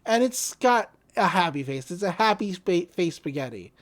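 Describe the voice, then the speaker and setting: Woman podcast co-host, casual recapper, lively and sing-song. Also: fairly low pitch, moderate pace. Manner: animated retelling with many fillers.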